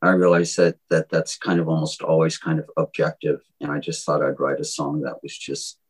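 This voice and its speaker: A man with a soft Southern US accent, a songwriter talking about his songs in a reflective, halting way with many restarts. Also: extremely low pitch, completely flat delivery, slightly rough, rough recording. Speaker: songwriter guest. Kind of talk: reflective interview talk.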